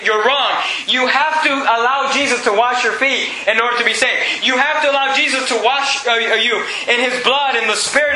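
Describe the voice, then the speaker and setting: Bright, high-voiced preacher in an echoey room. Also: male voice. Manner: conversational, repeats himself, quotes scripture in old wording. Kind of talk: sermon. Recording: echoey room with faint noise.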